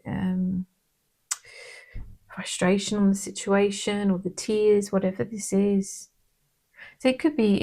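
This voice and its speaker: A woman giving a casual tarot card reading in a gentle, reassuring manner, often checking in with "okay?". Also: medium pitch.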